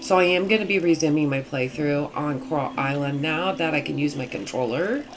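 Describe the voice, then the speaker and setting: A woman hosting her gaming channel, chatting casually through gameplay in a rambling way, with a husky morning voice. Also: low voice, fairly quick, background noise. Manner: chatty, rambling with many fillers.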